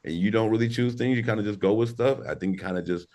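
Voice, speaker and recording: A man in his forties from St. Louis, Missouri, tells stories as a podcast guest in a casual interview, rambling along in a laid-back, slangy manner. His voice is lowish and a little mellow, and he speaks at a quick pace.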